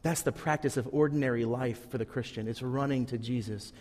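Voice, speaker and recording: A man's voice: mid-range voice, fairly quick, a little mellow, big-room sound. A man preaching a sermon, telling a Bible story earnestly and acting out the characters' lines. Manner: earnest storytelling, acts out quotes. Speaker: pastor.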